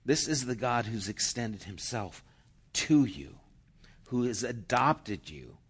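Pastor guy preaching slow, gets loud and cheery at times, mid pitch. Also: very animated, husky. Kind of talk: sermon.

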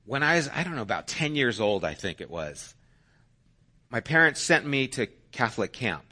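Male pastor, middle-aged, bright forceful tone, chatty storytelling sermon. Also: mid-range voice, sing-song, normal speed. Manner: conversational, anecdotal, with self-deprecating humor.

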